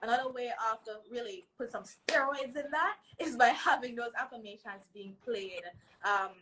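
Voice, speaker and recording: A woman's voice: fairly high pitch, moderate pace, sharp tone, slight background noise, low-quality recording. A woman, a mental health advocate earnestly giving advice in an interview, often checking in with "right?". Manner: earnest, emphatic, tags lines with "right?".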